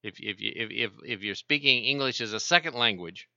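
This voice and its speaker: A man's voice: medium pitch, a little fast, vocal fry, bright, forceful tone, no room sound, highs cut off. A man hosting a call-in radio talk show, explaining markets in a rambling way with many restarts.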